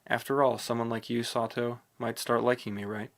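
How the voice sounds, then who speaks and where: A man voicing a lonely, clingy young woman who pleads softly in an audiobook. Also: medium pitch, flat delivery, moderate pace, creaky, close to an everyday voice. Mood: pleading.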